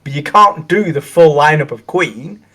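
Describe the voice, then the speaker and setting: A man's voice: fairly high pitch, moderate pace, bright, forceful tone. A middle-aged man co-hosting a casual chat, talking in rambling, reflective sentences full of restarts. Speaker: co-host.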